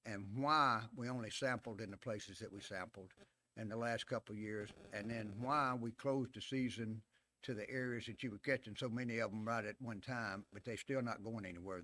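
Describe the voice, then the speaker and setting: A man's voice: on the low side, pushed and bright, a little hiss or hum. A man, an agency official explaining a decision to a commission in a plain, reassuring way. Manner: plain-spoken, reassuring, filler-heavy. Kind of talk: explanatory meeting remarks. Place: public meeting room.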